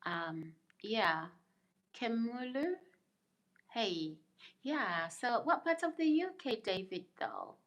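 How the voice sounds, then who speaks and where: Middle-aged woman host for a casual live stream; slow, low-set voice, chatty and quick to laugh while reading viewer comments. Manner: chatty, laughs often, muses aloud.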